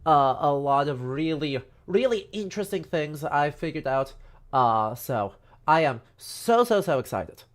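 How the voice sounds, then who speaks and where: A man's voice: fairly high pitch, animated, unhurried. A man with a congested, stuffy nose giving a casual, joking history lecture on a livestream from home. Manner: chatty and joking, many fillers and asides. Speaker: history streamer. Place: home in the countryside.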